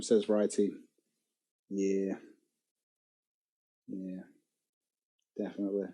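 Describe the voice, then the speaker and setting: A man's voice: fairly low pitch, steady tone, slow, pauses often, mellow, husky. A man streaming live and commenting casually in a profane, giggly, mocking way.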